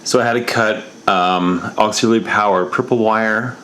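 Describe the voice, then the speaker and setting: A deep-voiced man talks through a motorcycle job in his garage, laid-back and rambling, with a touch of exasperation. A faint hiss of background noise sits under his voice. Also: fairly even intonation, normal speed, a bit bright. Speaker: motorcycle DIY vlogger. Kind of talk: casual how-to narration.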